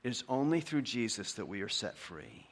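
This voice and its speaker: A male pastor preaching a sermon, building to fervent emphatic peaks and then dropping soft and slow for scripture. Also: fairly low pitch, very animated.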